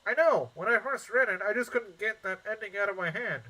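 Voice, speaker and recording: Nasal young knight voiced by a man, earnest, bookish, very high, sharp bright tone, game dialogue read aloud. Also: animated, a little fast, rough recording. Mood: eager.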